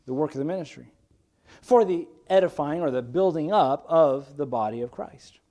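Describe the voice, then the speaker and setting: A man's voice: on the high side, normal speed. Earnest male pastor preaching a sermon. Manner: earnest and conversational, swinging from emphatic bursts to quiet asides. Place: church sanctuary.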